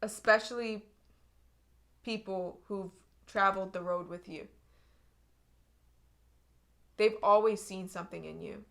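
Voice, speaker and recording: A woman's voice: mid-range voice, steady tone, moderate pace, gravelly. A young woman giving an intuitive tarot reading to her viewers, earnest and emotional, often repeating and restarting her phrases. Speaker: tarot reader.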